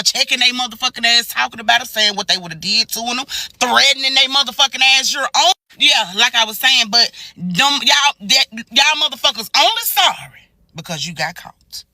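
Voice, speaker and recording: Woman, heated profane reaction rant, high pitch, lively swoops, shouting and muttering. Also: no room sound. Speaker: social media commentator. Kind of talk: angry reaction rant to camera.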